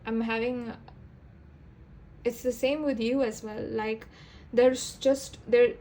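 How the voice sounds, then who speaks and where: A young woman doing a casual tarot reading, rambling and halting, often restarting her sentences. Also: fairly high pitch, a little mellow, slight background noise. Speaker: tarot reader.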